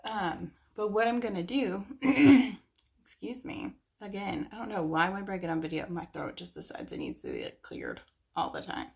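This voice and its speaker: A woman's voice: medium pitch, big pitch swings, moderate pace, gravelly. A young woman chatting casually about books she recommends, rambling a little with lots of fillers. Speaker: book reviewer. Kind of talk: casual chat.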